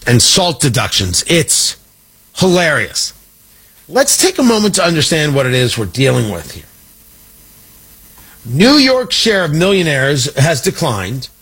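High husky sarcastic talk radio man. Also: a bit bright. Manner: sarcastic, rambling asides. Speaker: radio talk show host. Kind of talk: political commentary monologue.

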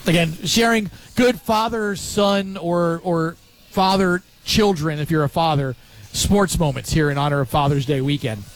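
A man in his fifties from Pennsylvania, a sports radio host telling stories in casual talk with animated, quick asides. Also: on the high side.

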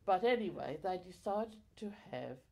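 An older woman recalling her community life in an oral history interview, halting with many fillers and self-corrections. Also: lowish voice, lively intonation, vocal fry, warm tone, slight background noise.

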